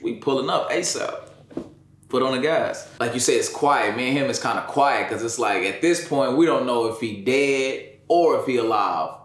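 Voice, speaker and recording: A man's voice: medium pitch, moderate pace, echoey room. A man telling, with strong emotion, the story of his son's accident in an interview, in casual slangy speech. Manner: slangy, emotional, repeats "you know what I'm saying".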